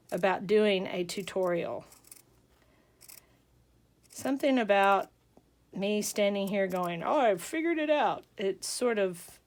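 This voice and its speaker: A woman hosting a casual crafting tutorial, chatty and rambling, with asides and jokes. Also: medium pitch.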